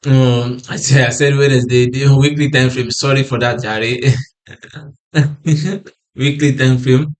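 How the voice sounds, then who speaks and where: A man's voice: mid-range voice, fairly even intonation, slow pace. A man explaining trading charts in a lesson, tired and yawning, who repeats and restarts his phrases and asks himself "what?" before answering. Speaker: forex trading analyst. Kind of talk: screen-share chart walkthrough.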